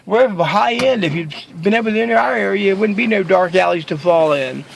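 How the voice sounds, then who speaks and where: A man's voice: sits high, fairly quick, vocal fry, a little hiss or hum, pitched above the performer's own voice, poor audio. A man putting on a smug, condescending upscale grocery store clerk.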